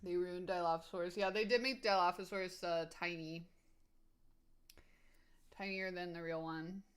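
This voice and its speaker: A woman's voice: fairly low pitch, fairly even intonation, moderate pace, clear, resonant tone. A woman streaming casually, answering viewers' comments in a rambling, enthusiastic way full of "like" and "um". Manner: rambling, filler-heavy with frequent "like" and "um"; enthusiastic, laughs easily.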